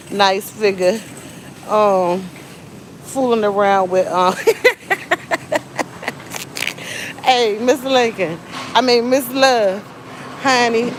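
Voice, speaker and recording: A woman from the Southern US with a Southern accent, chatting casually to livestream viewers while shopping and breaking into sudden exclamations. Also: medium pitch. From Southern United States. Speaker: livestream host. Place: grocery store. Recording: noisy store ambience.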